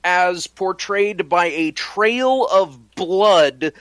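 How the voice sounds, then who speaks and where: A man's voice: sits high, very slow, fairly bright tone, clear, resonant tone, no room sound. A man co-hosting a casual podcast, retelling a film plot step by step and drawing words out for emphasis. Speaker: podcast co-host.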